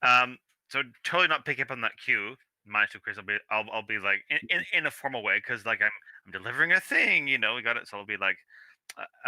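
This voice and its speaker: A man's voice: mid-range voice, lively intonation, fast, pushed and bright, no echo, low-quality recording. A man playing in a tabletop game, chatting casually and jokily with stammering restarts. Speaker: player.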